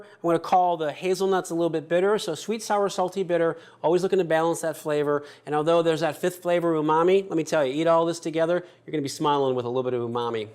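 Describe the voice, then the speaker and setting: A man hosting a cooking show as the chef, chatty and upbeat, talking viewers through each step in a kitchen. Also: a little high. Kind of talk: cooking demonstration.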